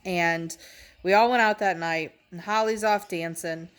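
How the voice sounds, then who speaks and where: A woman's voice: on the low side, fairly even intonation, unhurried, clean tone. A young woman telling funny stories in a brash, profane, self-mocking way, laughing as she talks. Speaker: comedic storyteller. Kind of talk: casual storytelling.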